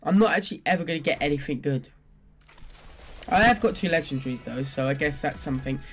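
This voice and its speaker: A gaming video creator reacting while opening loot boxes. They swing between glum muttering, pleading with the game, and excited shouting. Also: mid-range voice, quick pace, slight background noise.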